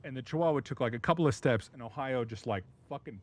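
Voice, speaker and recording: A man's voice: mid-range voice, fast. Man, streamer, casual chat, profane, laughing, rambling.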